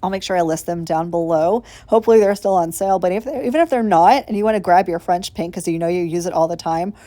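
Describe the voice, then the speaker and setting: A woman's voice: on the low side, fast talker, warm tone, no echo. A woman giving a chatty, casual voiceover for a nail tutorial, gushing and swearing casually as she explains each step. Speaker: nail vlogger. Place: voiceover recorded separately from the video.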